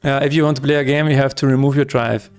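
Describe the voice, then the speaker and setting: A man's voice: medium pitch, fairly even intonation, quick pace, a little mellow, smooth, soft background music. A man streaming his game-development work who chats casually, jokes and rambles through asides, laughing often. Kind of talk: casual live-stream chat while coding.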